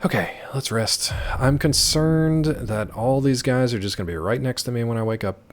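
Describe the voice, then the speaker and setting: A man's voice: medium pitch, moderate pace. A man streaming a video game live, chatting casually and answering his chat with wry asides.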